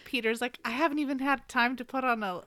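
A woman co-hosting a podcast, telling a joking, casual anecdote with quick asides. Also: high voice, steady tone, pushed and bright, no room sound, studio quality. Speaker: podcast co-host. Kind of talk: casual chat.

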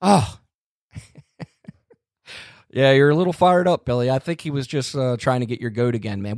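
A relaxed man hosts a casual podcast conversation and often chuckles. His voice sits at a middle pitch. It is recorded close and dry, with no room sound. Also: moderate pace, pauses often, dry recording. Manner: easygoing, laid-back, laughs often. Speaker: podcast host.

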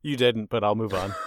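A man hosting a casual movie quiz. He reads the answer options deliberately and teases his guest. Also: on the low side, no echo, studio quality. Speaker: quiz host. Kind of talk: casual podcast chat.

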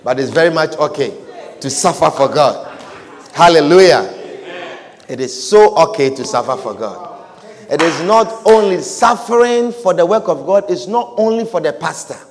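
A man preaching a sermon, animated and repetitive, with calls of hallelujah and amen. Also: a little high, moderate pace, long reverb tail.

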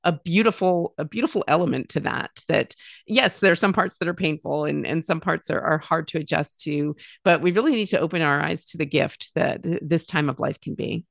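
Low and gravelly, this podcast guest's voice moves briskly, recorded with studio quality and no echo. She's in her fifties with grown children and chats casually, warmly recounting stories and frequently voicing what other people said, with many restarts along the way.

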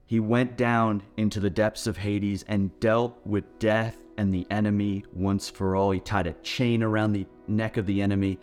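Low-voiced man preaching earnestly. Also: flat delivery, moderate pace, few pauses, darkish tone, faint music behind. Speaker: pastor. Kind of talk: sermon.

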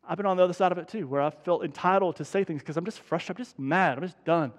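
High-voiced guy preaching, chatty but keeps hammering points, long hall echo. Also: fast. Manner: conversational preaching with emphatic repetition. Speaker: pastor. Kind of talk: sermon.

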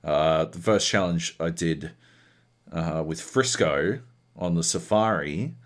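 A man co-hosting a casual gaming podcast, telling profane, animated stories about multiplayer sessions. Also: low-pitched, takes it slowly. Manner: profane, animated storytelling with lively put-on voices. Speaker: podcast co-host.

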